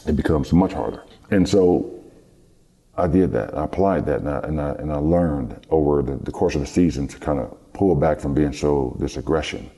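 Middle-aged man, very low and mellow voice, relaxed anecdotal interview guest. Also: normal speed. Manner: relaxed, rambling storyteller who acts out quoted dialogue. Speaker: guest, former basketball player. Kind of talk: storytelling in an interview.

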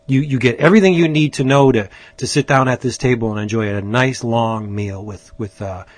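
Husky, rambling man raving about comics. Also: mid-range voice, brisk, no echo. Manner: enthusiastic, rambling with many restarts. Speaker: comic book podcast host. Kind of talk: casual chat.

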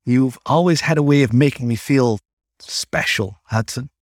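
A man's voice: medium pitch, moderate pace, no echo, studio quality, lightly acted. A man voicing a shy, eager young male dog hybrid student with a hesitant, boyish delivery. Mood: tender.

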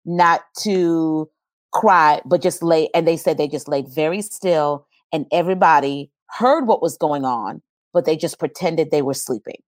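A woman with a low-pitched voice recounts a personal experience in an earnest, storytelling way. The sound is dry and close, with no room around it. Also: measured pace, no room sound. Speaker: guest. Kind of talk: personal testimony in an interview.

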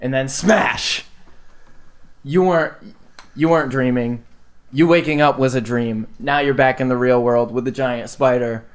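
A young man hosts a casual podcast with friends, and his voice sits at an ordinary middle pitch. He spins a goofy made-up story in a playful manner, laughing easily and acting out the lines of the people in it. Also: fairly even intonation, normal speed. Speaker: podcast host.

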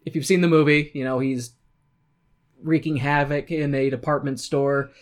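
A woman's voice: low voice, steady tone, normal speed. A woman co-hosting a casual podcast chat, talking in a chatty way, laughing often and swearing now and then. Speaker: podcast co-host. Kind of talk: casual chat reviewing a musical.

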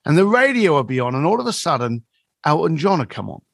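A man's voice: a little high, fast, creaky, no room sound, clean studio sound. A man telling a story as a podcast guest, acting out the dialogue as he goes. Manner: animated storyteller who acts out quoted dialogue.

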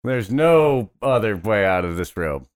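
A man with a lively voice, playing a tabletop game. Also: fairly low pitch, measured pace, clean tone. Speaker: player. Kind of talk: tabletop role-play.

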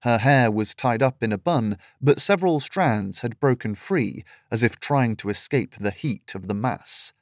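A man reading a fantasy story aloud in steady, measured scripted narration. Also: medium pitch, no room sound, studio quality.

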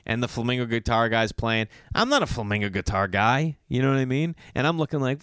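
A man in his thirties telling a long story in a casual, rambling way, full of slang and sudden high-pitched mock voices. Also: brisk, few pauses, clean tone, no echo, studio quality. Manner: animated, slangy, jumps into mocking high voices when quoting.

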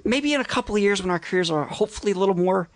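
A man, a stand-up comedian guest, talking casually in halting, rambling complaints. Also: high voice, lively intonation. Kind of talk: casual chat.

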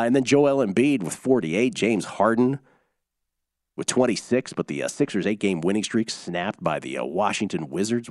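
Male sports radio host, low and animated, runs through stats in a loose ramble, dry close sound. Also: dry recording.

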